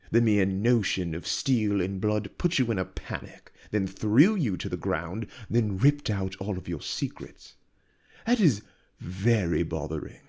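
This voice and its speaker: A man reading aloud and voicing a cold, calculating noblewoman who speaks slowly and quietly with open disdain. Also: fairly low pitch, full character voice. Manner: slow, hushed, icy and disdainful.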